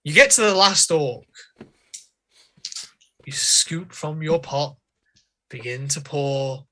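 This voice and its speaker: A man narrating a tabletop game as game master, telling the scene slowly and deliberately and laughing often. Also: fairly high pitch, sharp tone.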